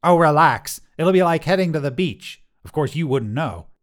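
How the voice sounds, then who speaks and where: A man's voice: on the high side, expressive, normal speed, voice pushed up, lightly acted. A man doing a smug, snide wizard. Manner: snide and teasing. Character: smug teasing male wizard turned into a table.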